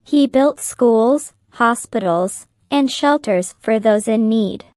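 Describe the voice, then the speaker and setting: Slow, clear woman reading a story. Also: on the high side, a little mellow, no echo, clean studio sound. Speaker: narrator. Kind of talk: slow graded-reader story narration.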